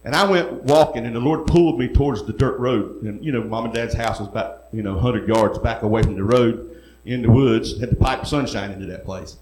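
A man's voice: medium pitch, brisk, a little mellow, slight background noise. A man preaching, telling his own testimony in an earnest, folksy way with rural speech. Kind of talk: sermon testimony. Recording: echoey room.

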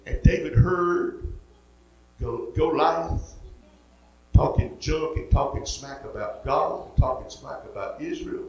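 A man's voice: fairly high pitch, takes it slowly, gravelly, a little mellow, very echoey, low-quality recording. A man preaching a sermon, retelling a story in a folksy way and acting out each character.

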